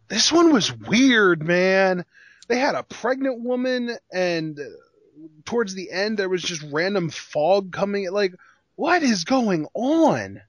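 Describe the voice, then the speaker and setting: A man's voice: medium pitch, a bit bright, no room sound. A man co-hosting a casual wrestling podcast, recapping with exasperated rhetorical questions. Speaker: podcast co-host.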